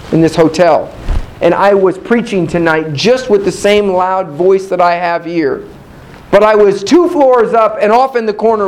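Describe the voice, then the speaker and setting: A man's voice: high voice, darkish tone, rough recording. A man preaching a sermon in a hotel meeting room, building his points through rhythmic repetition and call-and-response with the congregation.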